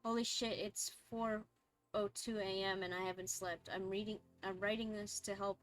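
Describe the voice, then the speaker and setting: A woman streamer reading game dialogue and journal entries aloud, halting and often correcting herself mid-word. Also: mid-range voice, level tone, a bit bright, faint music behind. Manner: halting read-aloud with frequent self-corrections.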